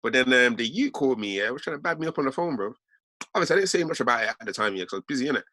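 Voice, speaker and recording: A man's voice: medium pitch, lively intonation, sharp tone, dry recording. A young man, telling a rambling story in heavy street slang. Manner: slangy, fast, peppered with innit and bruv. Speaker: host.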